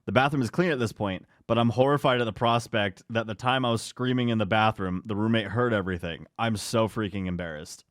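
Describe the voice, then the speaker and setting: A man's voice: lowish voice, fairly quick, hardly any pauses, no room sound, studio quality. Man casually reading stories aloud. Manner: laughs while reading, rambling asides. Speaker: podcast co-host reading stories.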